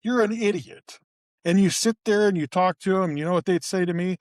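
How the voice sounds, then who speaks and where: A middle-aged man, co-hosting a podcast in a casual, profane rant. His voice sits a little high for a man, and his pitch jumps suddenly when he gets worked up. The studio sound is close and dry. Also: brisk, no room sound. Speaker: podcast co-host. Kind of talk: casual ranting chat.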